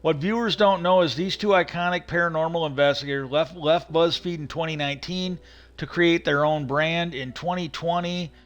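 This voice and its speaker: A man's voice: on the high side, fairly even intonation, moderate pace. A man hosting a livestream, casually rambling through stories with many fillers and restarts. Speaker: livestream host.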